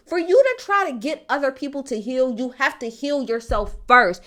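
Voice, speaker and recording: A woman's voice: high voice, normal speed, few pauses, a bit bright. A young woman giving blunt, exasperated commentary in casual talk, swearing heavily. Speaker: commentator reacting to a court case.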